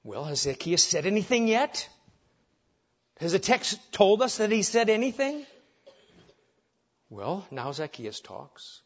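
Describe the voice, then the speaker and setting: A man's voice: sits high, slow, pauses often. Emphatic male preacher, lo-fi sound. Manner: emphatic preaching, dropping soft on key phrases and rising when animated. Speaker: pastor. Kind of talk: sermon.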